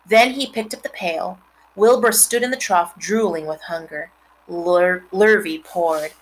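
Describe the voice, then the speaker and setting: A woman reading a children's novel aloud, expressive, with chatty asides to her listeners. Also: lowish voice, unhurried, slight background noise, low-quality recording. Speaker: reader.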